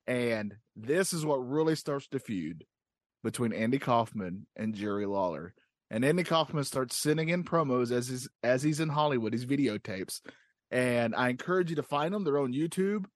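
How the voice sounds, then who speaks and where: A man's voice: mid-range voice, expressive, normal speed, dry recording, clean studio sound. A man co-hosting a podcast, eagerly retelling a story in casual chat with frequent fillers. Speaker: podcast co-host.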